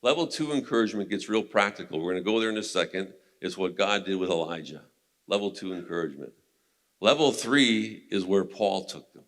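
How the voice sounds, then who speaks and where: A man's voice: sits low, expressive, fairly quick, fairly bright tone. A man teaching a men's Bible study in a casual, conversational way, retelling scripture stories and laughing now and then.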